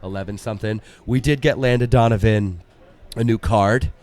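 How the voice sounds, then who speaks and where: Low-ish voiced dude rambling thru a trip story on a podcast, lots of uhs and likes. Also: male voice, moderate pace, darkish tone. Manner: rambling storyteller, many fillers. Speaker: podcast co-host. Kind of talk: casual chat.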